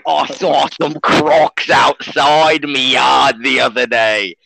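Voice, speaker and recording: A man playing an over-the-top stereotypical Australian bloke in a put-on Australian accent for a comedy podcast bit, rambling deadpan and full of catchphrases. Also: mid-range voice, slow pace, vocal fry, dry recording, full character voice, rough recording. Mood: yarn-spinning.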